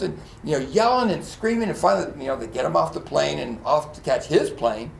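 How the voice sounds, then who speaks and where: A man's voice: on the high side, fairly quick, vocal fry, hardly any pauses, roomy sound, slight background noise. A man preaching a sermon as pastor, telling stories with lots of acted-out quotes and frequent laughter. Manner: animated storyteller, acts out quotes, laughs often. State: choked up at times. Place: church.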